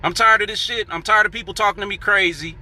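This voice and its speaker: A man's voice: high-pitched, quick pace, bright, forceful tone. A man telling a heated workplace story in casual, profane monologue, acting out what he and others said. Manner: profane, heated, acts out quoted coworkers.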